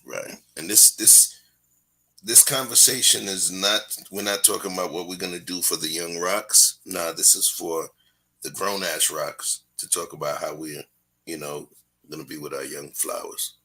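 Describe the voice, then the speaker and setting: A man's voice: deep voice, fairly even intonation, normal speed, pushed and bright, husky. A man hosting a casual talk show, telling stories with slang in a laid-back, preachy way. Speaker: host.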